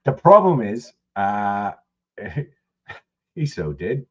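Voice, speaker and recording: A man with a fairly low, husky voice tells loose, profanity-laced stories as a podcast co-host. The audio is dull and lo-fi. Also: sing-song, very slow, fairly bright tone. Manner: rambling, profane storytelling with laughs. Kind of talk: casual podcast chat.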